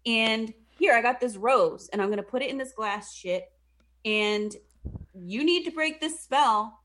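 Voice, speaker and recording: A young woman casually retelling a movie plot for a comedy podcast. She swears a lot and keeps dropping into quick mock voices for the characters. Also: fairly high pitch. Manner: profane, animated, does mock voices for the characters.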